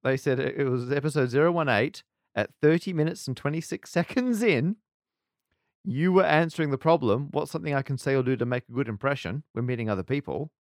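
A man's voice: mid-range voice, fairly quick, no echo, clean studio sound. A man co-hosting a podcast in casual chat, giggly and self-mocking. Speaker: podcast co-host.

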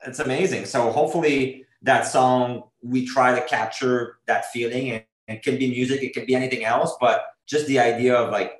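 A man's voice: lowish voice, roomy sound, rough recording. A man in an interview, talking earnestly and rambling, with many fillers and restarts as he searches for words. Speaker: drummer being interviewed. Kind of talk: casual interview talk.

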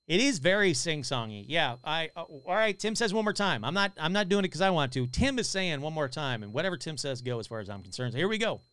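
A man hosting a live paranormal podcast, chatting casually and excitably as he reads out viewer comments, swearing now and then. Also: a little high, fast, hardly any pauses, clean tone, dry recording.

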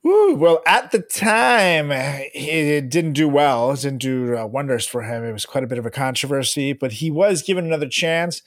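A man's voice: on the high side, animated, normal speed, hardly any pauses, fairly bright tone, no echo, clean studio sound. A man co-hosting a podcast in casual chat, loose and profane, laughing often. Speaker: podcast co-host.

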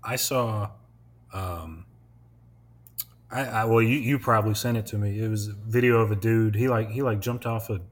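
A young man hosts a casual podcast chat at normal speed in a voice on the low side. He rambles, laughs a lot, and swears plenty.

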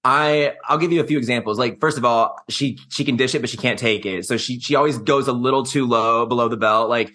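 A man's voice: mid-range voice, a little fast, few pauses, bright, forceful tone. A man co-hosting a podcast, chatting casually about reality TV with snarky, profane asides. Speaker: podcast co-host. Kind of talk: casual reality-TV recap chat.

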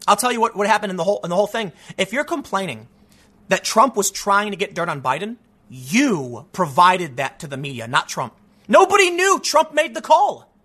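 A young man rants through a solo political commentary, exasperated and heated, tripping over restarts as he pushes his point. His voice sits high and bright, swinging widely in pitch as he builds.

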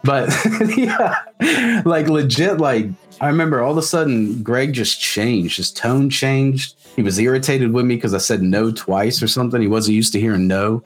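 A man's voice: mid-range voice, moderate pace, breathy edge, faint music behind. A man from the South, a musician telling stories in casual chat, rambling and full of fillers. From South Mississippi. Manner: rambling, many "like" fillers, swears freely. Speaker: musician guest.

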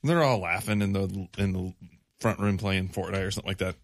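A man's voice: low voice, fast. A middle-aged man, a father, chatting casually on a podcast and laughing often. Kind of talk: casual chat.

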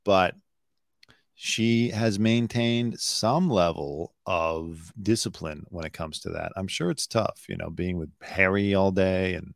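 A man's voice: low-pitched, slow, vocal fry, no echo, studio quality. A man hosting a casual live-stream news commentary, talking bluntly and opinionated, swearing freely and rambling with asides. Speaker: host, former entertainment news producer.

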